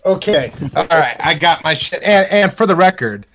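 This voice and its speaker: Teasing podcast man, slightly high voice. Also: expressive, moderate pace, a bit bright, a little hiss or hum. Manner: teasing, goofy, swears casually. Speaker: podcast co-host. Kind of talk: casual chat.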